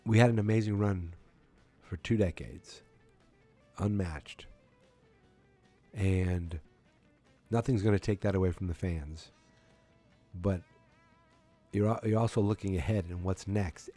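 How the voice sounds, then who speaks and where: A man's voice: low-pitched, mellow. A man hosting his own sports podcast late at night, tired and yawning, ranting in a dejected, sarcastic way with some swearing. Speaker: podcast host. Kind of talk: solo sports podcast rant.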